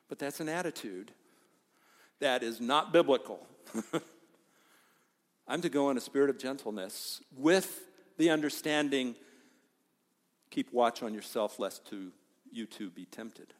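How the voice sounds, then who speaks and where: Male pastor preaching in a reverberant hall. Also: medium pitch. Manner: emphatic preaching, swings between loud stresses and quiet asides. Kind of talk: sermon.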